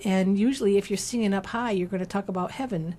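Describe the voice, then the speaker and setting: A woman's voice: medium pitch, fast, mellow, a little hiss or hum. A woman composer and translator of church chant, explaining her method carefully in an interview and stopping now and then to sing short chanted phrases. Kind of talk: explanatory interview talk with sung examples.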